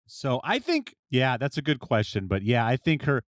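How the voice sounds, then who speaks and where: A man's voice: mid-range voice, wildly swooping pitch, normal speed, no room sound. Wry, argumentative man in casual chat. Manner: wry, argumentative, jumps in with jokes. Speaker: podcast co-host.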